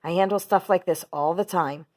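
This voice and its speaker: A woman's voice: fairly low pitch, moderate pace, darkish tone, natural voice. A woman voicing a sly, selfish male rat in a read-aloud storybook, snarling and dismissive.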